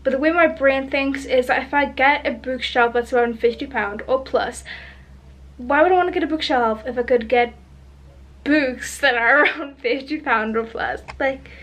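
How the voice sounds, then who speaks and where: High-voiced chatty woman. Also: moderate pace, fairly bright tone. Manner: chatty, bubbly, rambling. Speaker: book vlogger. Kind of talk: chatty vlog.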